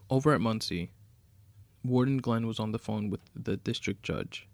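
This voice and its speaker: Gravelly male story narrator. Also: fairly low pitch, moderate pace, no echo.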